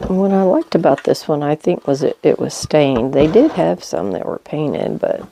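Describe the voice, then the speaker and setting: A middle-aged woman with a low voice talks through her woodworking project in a relaxed, rambling way. Her tone is warm and mellow, and she often thinks aloud as she goes. She is in her home shop, with faint noise in the background. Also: normal speed, gravelly. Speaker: woodworking vlogger. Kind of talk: casual how-to chat.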